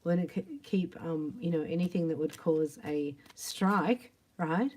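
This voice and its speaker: A woman giving a tarot reading in a chatty, animated monologue, acting out imagined quotes and sometimes dropping to a soft whisper. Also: fairly low pitch, a little slow. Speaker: tarot reader.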